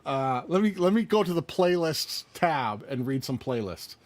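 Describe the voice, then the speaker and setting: A man co-hosting a live-stream channel review game show, playful and lively, thinking aloud as he reads. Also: fairly high pitch, normal speed, a little hiss or hum. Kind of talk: casual live-stream banter and channel critique.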